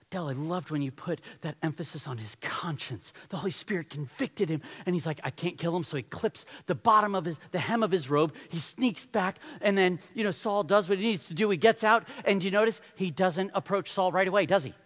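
A man preaching a sermon in a fairly high voice, telling the story with animated energy and briefly acting out the characters. His voice carries a long reverb, as if from a large hall. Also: fairly quick. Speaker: pastor.

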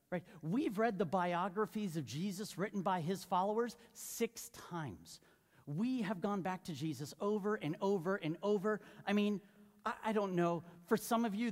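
A male pastor preaching a sermon in a loose, conversational way, joking and putting questions to the congregation. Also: sits high. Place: church sanctuary. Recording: long reverb of a large hall.

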